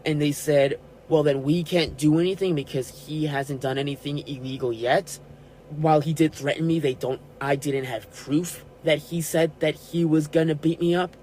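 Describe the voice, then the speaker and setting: A man's voice: a little high, moderate pace, a little hiss or hum, poor audio. A man in his twenties hosting a podcast, telling a personal story and acting out quoted arguments. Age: 20s. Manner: animated retelling with quoted dialogue. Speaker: podcast host.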